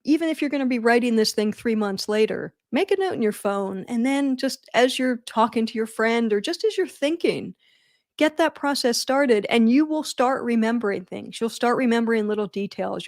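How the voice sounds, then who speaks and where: A middle-aged woman hosting a live advice Q&A on wedding speeches, chatty and animated, with self-deprecating jokes. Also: a little high, normal speed, no room sound, studio quality. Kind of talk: casual livestream advice.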